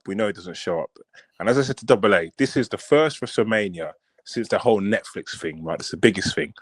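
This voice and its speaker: A man co-hosting a casual wrestling podcast, telling stories with animated, acted-out quotes. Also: no room sound. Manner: animated storytelling, acting out quotes in high voices. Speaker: podcast co-host.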